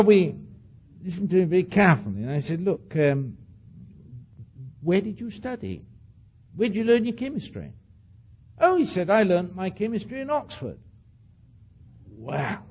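Older male lecturer with an accent, slightly high and husky, spinning an anecdote for the hall, recorded on a muffled lo-fi archive tape. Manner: animated storytelling with asides to the audience; says he speaks with an accent. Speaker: speaker addressing an audience.

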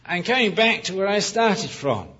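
A man preaching a sermon, emphatic and full of rhetorical questions, often pausing to correct himself with apologies. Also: high-pitched, big pitch swings, bright, forceful tone, breathy edge. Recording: dull lo-fi recording.

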